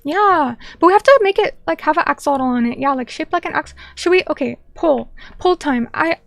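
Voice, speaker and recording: A woman's voice: high voice, expressive, a little fast, vocal fry, a bit bright, no echo, faint music behind. A young woman chatting casually on a stream, reading viewer comments and rambling with lots of filler words and restarts.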